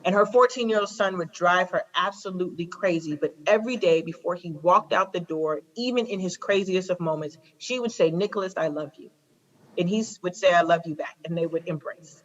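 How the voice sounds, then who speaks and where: A woman's voice: lowish voice, fairly quick, hardly any pauses. A woman in her forties from Chicago, a prosecutor speaking as a guest, telling stories with emphasis and repeating her key phrases. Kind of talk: impassioned conversational talk. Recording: slightly dull lo-fi recording.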